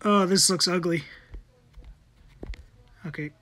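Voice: medium pitch, steady tone, slow pace, sharp tone. A person giving casual gameplay commentary, muttering to themselves while building and swearing often.

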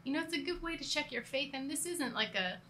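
A woman's voice: high-pitched, animated, fast, pushed and bright, a little hiss or hum. A woman giving a casual, earnest church talk, rambling with restarts and laughing at herself now and then. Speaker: church co-leader. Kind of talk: conversational church teaching.

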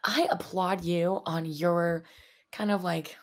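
A young woman in her twenties, co-hosting a casual podcast chat, animated and giggly, acting out what people say. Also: lowish voice, takes it slowly. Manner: animated, giggly, acts out quotes. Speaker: podcast co-host.

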